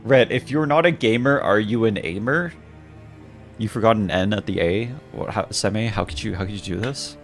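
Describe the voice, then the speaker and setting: A male gaming streamer who jokes around and bursts into loud, excited outbursts as he plays. His voice sits on the lower side, and faint music plays behind him. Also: normal speed. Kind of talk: casual gaming commentary.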